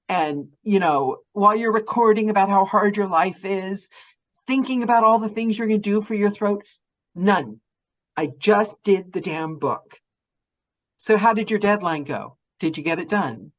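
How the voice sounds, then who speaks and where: A woman's voice: medium pitch, animated, normal speed, highs cut off. A woman hosting a casual video-call chat, talking emphatically and acting out her own panicked thoughts. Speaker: host.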